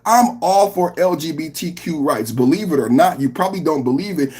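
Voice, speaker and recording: A man hosting a live political reaction stream, talking in an animated, mocking way that swings from low mutters to shouts. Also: brisk. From San Francisco Bay Area. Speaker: livestream podcast host.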